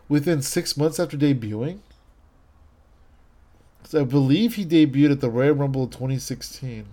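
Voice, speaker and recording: A man's voice: mid-range voice, moderate pace, long pauses, dark tone. A man in his thirties in casual chat, rambling and enthusiastic, with many fillers and restarts.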